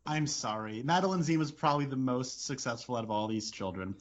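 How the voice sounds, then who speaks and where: A man co-hosting a podcast in casual chat, halting and often laughing as he talks. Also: medium pitch, animated. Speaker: podcast co-host. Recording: dull lo-fi sound.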